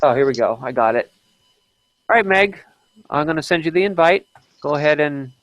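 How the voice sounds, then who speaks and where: A man's voice: a little high, animated, a little fast, pauses often, a bit bright, slight background noise, rough recording. A man hosting an unplanned live stream, chatting casually and often stopping to restart his sentences.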